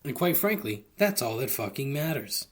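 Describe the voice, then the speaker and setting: A man's voice: medium pitch, big pitch swings, normal speed, loud music behind the voice. A man hosting a solo comedy podcast, rambling profanely into a close microphone and laughing at his own jokes. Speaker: podcast host. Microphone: close studio microphone.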